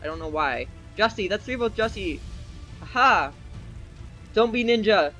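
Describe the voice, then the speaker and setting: High-voiced excitable young male gamer. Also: unhurried. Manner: excitable, yelps and cheers at game events, rambling asides. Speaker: gaming video creator. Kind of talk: let's play commentary. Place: at a desk at home. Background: faint game music.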